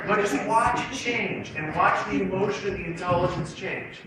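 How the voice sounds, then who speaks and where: A man, an author speaking to students, giving a motivational talk as an animated storyteller who acts out the voices. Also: high-pitched, measured pace. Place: hall or classroom. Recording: echoey hall, distant mic, noise.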